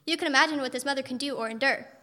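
Casting: God, a tireless, doting creator, as a woman reads him in a high, bright voice with echoey hall sound. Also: racing. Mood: earnest.

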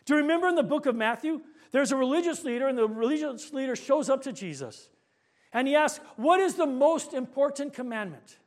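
A man pastor preaching a sermon, telling stories and slowing down on key points. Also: extremely high pitch, expressive. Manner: storytelling preacher, slows for emphasis, rising to shouts in anecdotes.

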